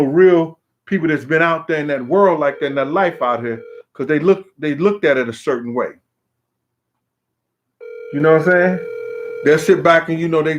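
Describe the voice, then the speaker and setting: Fast-talking man shouting out viewers. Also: fairly high pitch. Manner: street slang, shouts out viewers by name; emphatic, repeats himself. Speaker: show host. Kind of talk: casual live-stream chat.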